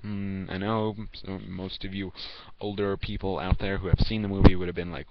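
A teenage boy talking casually to the camera as a video reviewer, rambling and halting, with lots of fillers and restarts. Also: low voice, little pitch movement, heavy background noise. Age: teens. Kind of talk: casual vlog talk to camera. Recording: dull lo-fi home recording.

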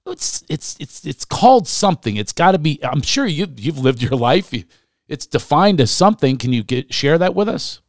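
A man's voice: fairly high pitch, big pitch swings, normal speed, no room sound, studio quality. A man hosting a podcast, pressing his guest with repeated, probing questions. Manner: insistent, repeats himself, keeps pressing the guest. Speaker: podcast host.

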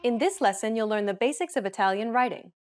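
A woman hosting a language lesson, explaining the rules in a clear, measured scripted narration. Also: fairly high pitch, soft background music.

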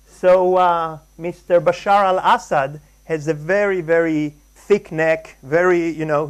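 A man from Israel lecturing at a conference, hesitant, with many ums and restarts. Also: fairly high pitch. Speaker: guest lecturer, artist. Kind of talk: conference talk on caricature. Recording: live lecture hall talk.

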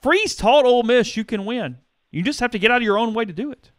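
Animated, wisecracking male co-host. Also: extremely high pitch, fast, no echo, studio quality. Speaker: sports show co-host. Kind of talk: casual chat.

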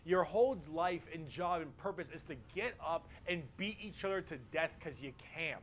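A man with a somewhat high voice, explaining game lore in a joking, animated way. He swears freely and keeps a casual, offhand tone. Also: normal speed, a little hiss or hum. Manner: jokey, profane, animated. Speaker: lore video narrator.

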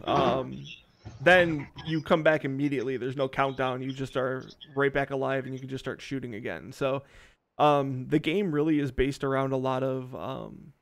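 A man's voice: medium pitch, fairly even intonation, normal speed, vocal fry. A man hosting a casual chat on a video call, explaining things in a loose, rambling way. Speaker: host.

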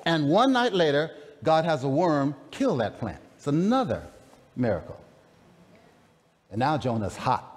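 Animated preacher in an echoing hall. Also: male voice, on the high side, unhurried. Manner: dramatic, conversational preaching with call-outs. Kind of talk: sermon. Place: large camp meeting hall. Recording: long reverb of a large hall.

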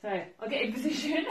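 A woman's voice: mid-range voice, a bit bright, a little hiss or hum. A woman vlogging her workout, out of breath, laughing nervously as she counts her reps. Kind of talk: casual workout vlog. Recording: roomy echo, voice a little far from the mic.

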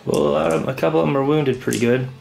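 A man's voice: on the high side, very fast, creaky, a little mellow. A man playing a tabletop game, teasing his opponent in casual banter. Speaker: opponent player.

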